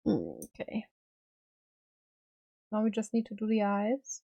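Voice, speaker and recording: A woman's voice: medium pitch, monotone, a little fast, warm tone. Rambling woman streamer chatting while painting. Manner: rambling, loose, with many fillers and casual swearing. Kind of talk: casual live-stream chat while painting a figure.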